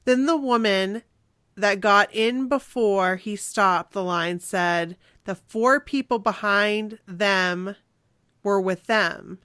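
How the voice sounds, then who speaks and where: A woman's voice: medium pitch, takes it slowly, a bit bright, clean tone, no echo. Chatty lady podcast host, reads fan stories out, dry close sound. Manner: chatty, candid, laughs easily. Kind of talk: casual chat and reading listener stories.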